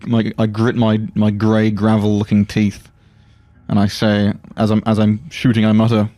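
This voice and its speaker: A man's voice: fairly low pitch, monotone, moderate pace, dark tone, no echo. A man in his forties playing a tabletop game, stumbling and hesitating as he describes his character. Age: 40s. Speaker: player.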